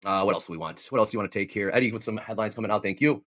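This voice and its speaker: A man's voice: on the low side, very fast. A man hosting a live trading stream, calling market moves and bantering with his co-hosts. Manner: animated, quips while calling prices.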